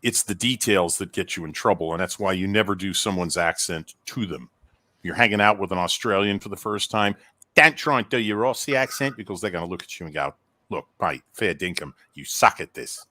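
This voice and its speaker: A man co-hosting a podcast, chatting casually and telling stories in long, rambling runs full of restarts. His voice sits fairly low but sounds bright. The recording is dry and close. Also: fairly quick, dry recording. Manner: rambling storyteller with many restarts. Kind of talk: casual chat.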